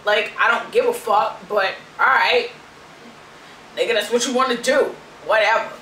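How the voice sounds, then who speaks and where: A woman's voice: fairly high pitch, moderate pace, pushed and bright, echoey room, distant mic, slight background noise, poor audio. A young woman vlogger telling a story in a brash, sassy, profane rant.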